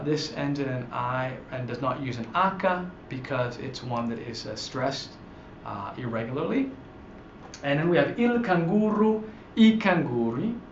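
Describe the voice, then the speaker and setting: Male language teacher, lively up-and-down delivery, patient and filler-heavy, recorded in an echoey room on a dull lo-fi mic. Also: medium pitch, a little hiss or hum. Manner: explains slowly, says each example word twice with many fillers. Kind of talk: recorded online lesson.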